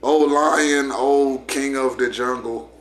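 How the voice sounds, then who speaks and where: A cocky male monkey insists on his claim, slowly and firmly, as a man puts him on. His voice sits at mid pitch in an echoey room with faint noise behind it. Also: steady tone, fairly bright tone. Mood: insistent.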